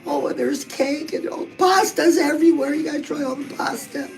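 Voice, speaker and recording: A woman's voice: sits high, moderate pace, creaky, faint music behind, low-quality recording. A woman coaching on fitness and weight loss in a bubbly, chatty, motivational way, talking straight to her listeners. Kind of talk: upbeat motivational vlog.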